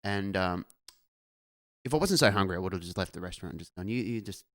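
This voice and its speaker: Blunt ranting man, low voice. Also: lively intonation, fast talker, fairly bright tone, dry recording. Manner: blunt, ranting, swears freely. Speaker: podcast co-host. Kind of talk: casual chat.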